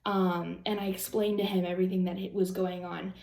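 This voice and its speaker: A woman's voice: fairly low pitch, little pitch movement, brisk, vocal fry, darkish tone, roomy sound. A young woman vlogger telling a long personal story in a rambling, casual way with many fillers. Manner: rambling, lots of "like" and "um", anxious retelling.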